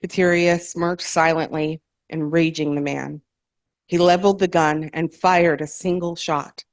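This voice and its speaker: A woman at an open mic, reading her own novel aloud in a measured, careful way and correcting small slips as she goes. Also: low voice, fairly even intonation, dry recording. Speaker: featured author at an open mic. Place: performance hall, in person.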